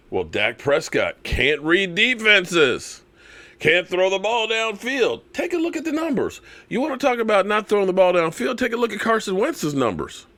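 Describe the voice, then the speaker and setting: A man hosting a live fan stream, ranting in an animated, sarcastic way with lots of repeated phrases. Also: fairly high pitch. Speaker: sports channel host.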